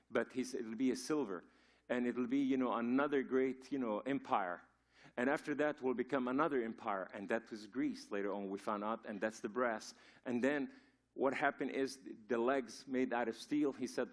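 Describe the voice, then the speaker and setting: A man from Lebanon, a guest preacher, giving a sermon in a church in a loose storytelling way, with frequent restarts. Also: medium pitch. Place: church sanctuary.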